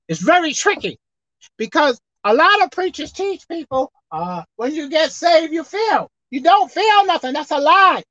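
Woman preacher, sermon, high voice, emphatic outbursts and quiet asides, dull lo-fi dry recording. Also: sing-song, a little slow, dry recording.

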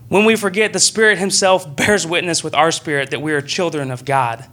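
A young man preaching a sermon in a church room, earnest and conversational, breaking into excited bursts. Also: fairly high pitch, brisk, hardly any pauses.

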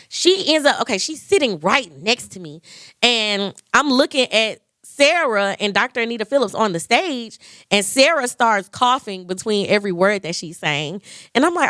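A woman's voice: fairly high pitch, expressive, fairly quick, fairly bright tone, dry recording, studio quality. A young woman, a podcast host, gushing as she retells a story and quotes others. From Memphis, Tennessee. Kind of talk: excited storytelling vlog.

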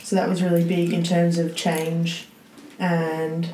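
A woman's voice: lowish voice, completely flat delivery, takes it slowly, dark tone. A young woman thoughtfully describing her year on a friends' podcast. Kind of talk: casual group chat. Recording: echoey room with faint noise.

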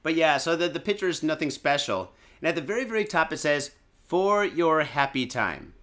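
A man's voice: a little high, fast talker, a bit bright. A man from Michigan hosting a podcast, chatting loosely and cursing a lot while day drinking. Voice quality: profane, loose and jokey, lots of fillers. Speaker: podcast host. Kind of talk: casual rambling podcast chat.

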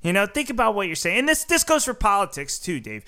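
A man's voice: high-pitched, big pitch swings, sharp tone. A man hosting a podcast, ranting in a casual, heated way, swearing often and filling his speech with "like" and "you know.". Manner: profane, heated, fast-talking, lots of fillers. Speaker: podcast host. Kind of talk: casual conversational rant.

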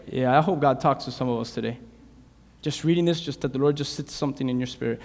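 A man preaching a sermon to a church, dynamic, swinging from hushed asides to shouted passages. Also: mid-range voice, fast talker, vocal fry. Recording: long hall reverb.

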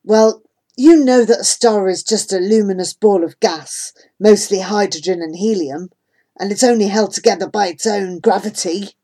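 A woman's voice: medium pitch, normal speed, dark tone, lightly acted. A woman voicing a cheerful, easygoing young village boy in an audiobook, reassuring and matter-of-fact. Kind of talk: audiobook character voice.

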